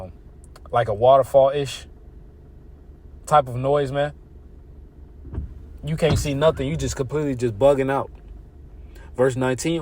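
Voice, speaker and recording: A man with a voice of ordinary pitch delivers a casual sermon, reading verses slowly and stumbling over words. Between passages he breaks into loose, slangy commentary that grows fired up. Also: darkish tone. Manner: loose slangy preaching, reads verses haltingly, laughs and gets fired up. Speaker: religious teacher.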